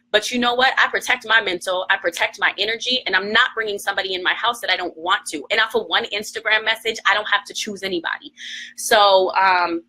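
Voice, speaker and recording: A woman's voice: mid-range voice, bright, forceful tone, low-quality recording. A woman co-host ranting emotionally on a phone livestream, heated, emphatic and defiant. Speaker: morning show co-host.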